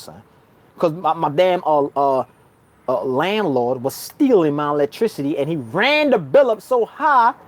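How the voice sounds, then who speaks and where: New York man, spiritual vlogger, slangy storytelling monologue, very lively pitch, swings loud to murmured. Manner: slangy, calls the listener son and bruh; swings between loud outbursts and low murmurs.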